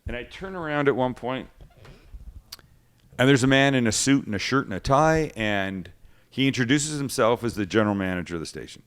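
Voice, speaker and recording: A man's voice: medium pitch, a little fast, clear, resonant tone. A man hosting a cooking show, telling stories in casual chat and acting out the people he quotes. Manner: animated storyteller acting out quotes.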